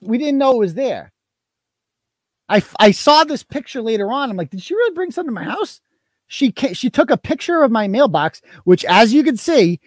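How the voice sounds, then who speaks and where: A man's voice: very high voice, dry recording, studio quality. A man hosting a live stream, talking in a casual, profane, mocking and rambling way. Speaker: host.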